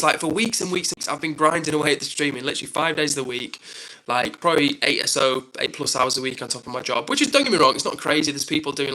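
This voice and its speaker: A man's voice: on the high side, sharp tone, poor audio. A young man hosting his own live stream, chatting casually and reading out viewer comments in an upbeat, self-deprecating way.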